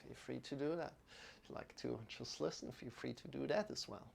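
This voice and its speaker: A man guiding a yoga class, giving gentle and unhurried instructions with soft asides. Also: medium pitch, vocal fry, slight background noise. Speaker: yoga teacher.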